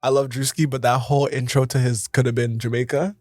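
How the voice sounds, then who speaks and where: A young man co-hosting a casual podcast, slangy and animated, with loud outbursts and laughter. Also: mid-range voice, quick pace, no echo, clean studio sound. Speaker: podcast co-host. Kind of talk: casual chat.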